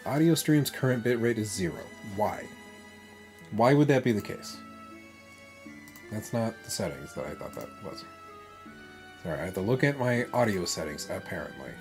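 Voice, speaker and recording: A man's voice: on the low side, animated, normal speed, long pauses, darkish tone, faint music behind. A man streaming a video game, talking casually to himself and his viewers, often muttering and swearing under his breath. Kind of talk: casual live-stream chatter. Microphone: desk microphone.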